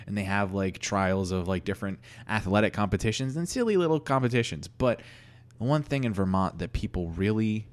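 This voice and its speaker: A man co-hosting a comedy podcast, improvising a story with a rambling, halting delivery full of restarts. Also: lowish voice, lively intonation. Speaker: podcast co-host.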